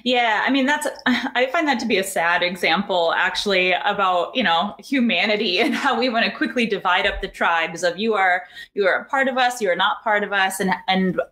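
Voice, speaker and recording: A woman's voice: medium pitch, normal speed, hardly any pauses, bright, forceful tone. A woman as an interview guest, explaining her ideas earnestly and building up lists of points. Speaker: guest expert.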